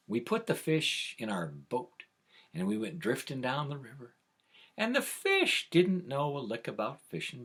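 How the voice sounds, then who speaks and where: A man tells a tall tale in an animated way, sliding from hushed whispers to loud exclamations. His voice is husky yet bright, low-pitched and very lively in melody. He speaks at an unhurried pace. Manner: expressive, dropping to whispers and rising to shouts. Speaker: storyteller. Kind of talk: animated oral storytelling.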